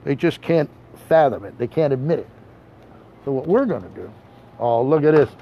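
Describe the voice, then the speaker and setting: A man's voice: medium pitch, expressive, moderate pace. A man giving a boat tour, talking in a brash, teasing monologue straight to the listener and repeating himself for effect. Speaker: tour guide. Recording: dull boat recording with motor noise.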